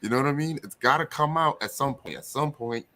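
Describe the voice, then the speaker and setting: A man on a review panel, talking casually and pausing to find his words. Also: medium pitch, pushed and bright. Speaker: panel guest. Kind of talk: casual live review chat.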